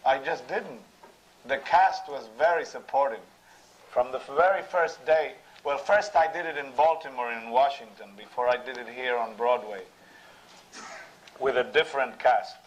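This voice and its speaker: A man's voice: mid-range voice, slight background noise. Earnest man on a muffled old recording. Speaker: stage actor answering audience questions. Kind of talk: panel Q&A answer. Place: theatre seminar before an audience.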